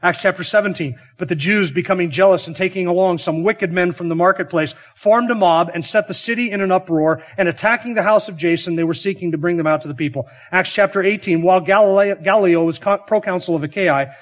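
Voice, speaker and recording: Pastor, male, fairly high voice, earnest expository preaching with rhetorical questions. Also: fairly quick. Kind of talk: expository sermon.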